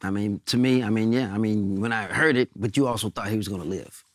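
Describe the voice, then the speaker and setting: Man, comedian guest, low pitch, dry close sound, casual rambling anecdotes. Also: a little fast, no room sound. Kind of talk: casual interview chat.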